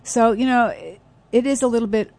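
A woman's voice: on the high side, fairly quick, a little mellow, a little hiss or hum. A woman hosting a local radio show, chatting casually as a guest and telling anecdotes with easy laughter. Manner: chatty storyteller, laughs easily. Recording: broadcast radio studio.

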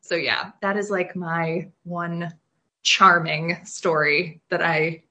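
An interview guest from New York relates a casual story, chatty and filler-heavy, laughing into her lines. She speaks slowly in a fairly low, level voice with a sharp tone.

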